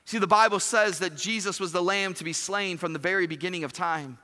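A man preaching a sermon as pastor, animated, acting out quoted dialogue and asking the congregation questions. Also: high voice, brisk. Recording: long hall reverb.

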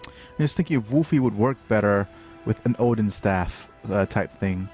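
A man hosting a game livestream, commentating as he plays, prone to excitable high-pitched outbursts and thinking aloud with many fillers. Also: normal speed, faint music behind. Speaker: livestream host playing a game. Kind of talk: live gameplay commentary.

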